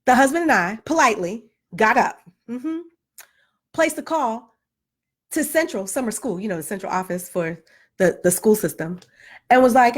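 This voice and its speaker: A woman with a voice on the high side tells a story from a parent's perspective at a moderate pace in a casual monologue. She is animated, emphatic and repetitive, hammering her points home.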